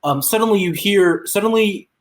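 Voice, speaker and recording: A woman's voice: medium pitch, normal speed. A woman narrating as game master in a tabletop game, rambling through scenes with many fillers.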